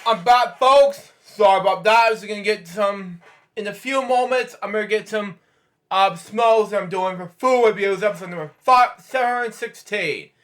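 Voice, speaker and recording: A man with a notably high voice hosts a casual reaction stream. He talks straight to his viewers between clips and keeps cutting in with amazed little interjections. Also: moderate pace, fairly bright tone. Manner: interjects repeated "wow" reactions. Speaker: reaction channel host.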